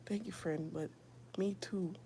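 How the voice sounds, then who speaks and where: A young woman giving a whispered personal testimony, soft and halting, with a gravelly edge. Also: on the low side, steady tone, slight background noise. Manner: soft, often whispered, halting with many fillers. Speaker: streamer sharing a personal testimony.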